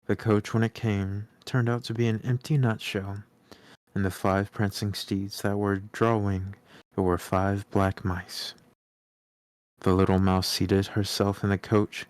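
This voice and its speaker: A man calmly reading a storybook aloud on a live stream. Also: lowish voice, dry recording.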